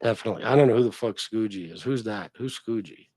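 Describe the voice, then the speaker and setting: A man hosts a casual livestream, reading comments and telling rambling, profane stories with animated reactions. His lowish voice is fast with a breathy edge, and there's no room sound.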